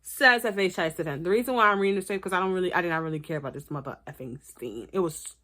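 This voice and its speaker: A woman giving blunt, profane, animated commentary as she reviews a reality TV episode. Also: lowish voice, rapid-fire. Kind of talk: casual commentary vlog.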